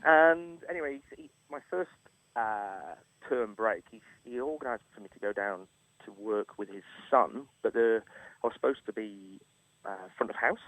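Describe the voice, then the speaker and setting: A middle-aged English chef, a radio guest, tells a story in a casual interview, acting out quotes and laughing often. His voice is fairly low and bright-toned at a moderate pace. Though made on a studio microphone in a radio studio, the recording is rough, without echo.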